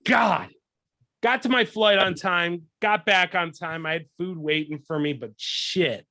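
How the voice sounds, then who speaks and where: A young man hosting a podcast, telling a profane story in a casual, animated way and acting out what people said. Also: high voice, measured pace, creaky, dry recording, clean studio sound. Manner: profane, animated, acts out quoted lines. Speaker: podcast host.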